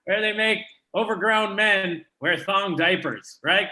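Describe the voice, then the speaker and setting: A young man from Canada performs a live stand-up set, and his voice sits a little high with a bright, forward tone. He talks casually and makes fun of himself between punchlines, and faint noise runs under the recording. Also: unhurried. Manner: self-deprecating, conversational punchlines. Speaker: stand-up comedian. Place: comedy venue with live audience.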